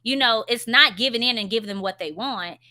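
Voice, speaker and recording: Host, woman, 30s, earnest and chatty parenting advice, bright clear tone. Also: fairly high pitch, brisk. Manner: earnest, conversational, acts out parent quotes. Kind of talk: casual advice monologue.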